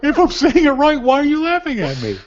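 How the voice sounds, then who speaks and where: A man hosting a podcast, chatting casually and telling joking, animated stories about holiday gifts. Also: very high voice, fairly quick, highs cut off. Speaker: podcast host. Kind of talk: casual gift-guide chat.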